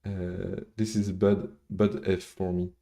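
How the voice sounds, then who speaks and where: Slow, very dark-voiced man streaming code. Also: deep voice, flat delivery, creaky. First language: French. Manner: rambling, swears casually, chats with viewers between code steps. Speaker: coding livestreamer. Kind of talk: casual live-coding stream, thinking aloud.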